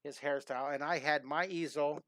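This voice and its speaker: A man in his fifties, an energetic and chatty drawing teacher who tells rambling stories during a live-streamed lesson. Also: fairly high pitch, moderate pace, no room sound. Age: 50s.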